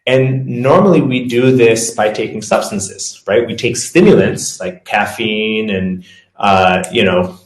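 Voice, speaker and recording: In an echoey room, a performance coach with a fairly low voice talks in an unhurried way. His casual presentation is loose and includes self-corrections as he guides listeners through breathing exercises.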